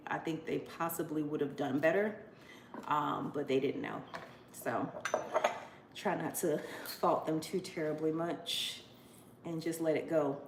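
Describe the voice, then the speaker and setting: A woman's voice: low voice, noisy background. A woman in her forties talking casually to camera, effusive and chatty, often exclaiming with emotion. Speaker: vlogger. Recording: echoey room with faint ambience.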